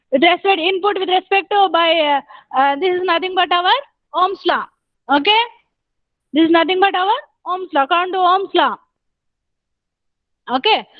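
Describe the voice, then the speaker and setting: Woman, very high voice, dull dry lo-fi sound, step-by-step lecture. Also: fairly bright tone, no room sound. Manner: explains step by step, repeats with frequent "okay". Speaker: engineering lecturer. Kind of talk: online lecture.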